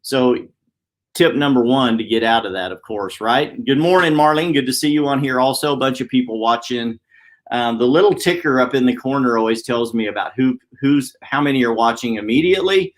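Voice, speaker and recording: A man hosting a weekly motivational live stream from a downtown office, talking fast and chatty. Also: medium pitch. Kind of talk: casual live-stream talk.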